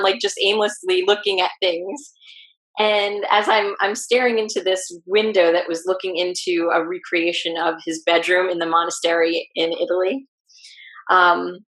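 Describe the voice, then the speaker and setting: Animated woman telling a story. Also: lowish voice. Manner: animated, acts out quoted speech. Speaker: guest. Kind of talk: casual storytelling in an interview. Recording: roomy echo.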